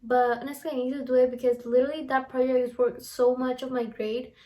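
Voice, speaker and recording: A young woman chatting to the camera in a relaxed vlog, rambling and filling her talk with "like" and "honestly". Her voice is fairly high but soft and mellow. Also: fast. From from abroad, lives in the US. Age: young adult. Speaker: vlogger. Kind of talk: casual vlog chat to camera.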